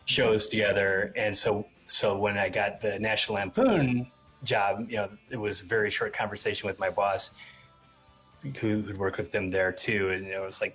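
A man's voice: lowish voice, fairly bright tone. A man talking as a radio show guest, enthusiastic and rambling with lots of fillers. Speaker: comedy channel staffer guest. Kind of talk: casual radio interview.

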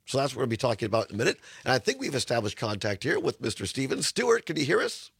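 Hoarse, congested radio host man. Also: medium pitch, sing-song, rapid-fire, no echo, studio quality. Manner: chatty, stumbling restarts. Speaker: radio talk show host. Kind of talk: casual talk radio chat. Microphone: studio microphone.

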